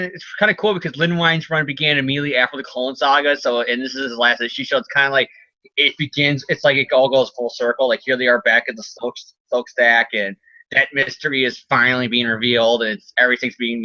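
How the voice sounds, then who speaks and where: A man in casual comic book chat, rambling loosely and laughing between lines as he slips into voices for characters. His tone is very bright and forceful, recorded dry and slightly dull, a touch high for a man. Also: fairly even intonation, quick pace, dry recording. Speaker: podcast co-host.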